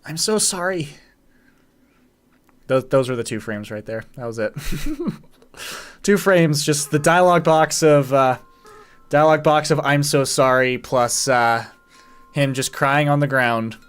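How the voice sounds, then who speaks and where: A man's voice: mid-range voice, measured pace, clear, resonant tone. Man making chatty gameplay asides. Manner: chatty, laughing asides, filler "uh". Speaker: streamer, gamer. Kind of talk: casual gameplay commentary. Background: faint game music.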